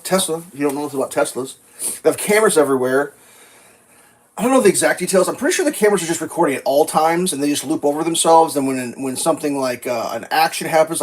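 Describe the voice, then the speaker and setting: Poor audio captures a man with a fairly high voice cooking breakfast pancakes on his kitchen griddle. As a vlogger, he rambles casually and tells animated, profane stories.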